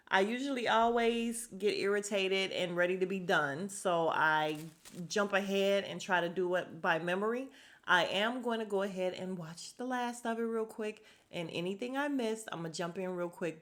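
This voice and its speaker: A woman's voice: mid-range voice, a bit bright. A woman hosting a casual podcast recap of a reality show, chatty and blunt, with an exasperated edge.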